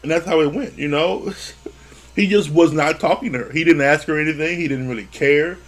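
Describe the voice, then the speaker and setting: A man's voice: a little high, fairly quick. Profane, laughing man reviewing reality TV. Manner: profane, laughs often, acts out quotes. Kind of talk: casual commentary.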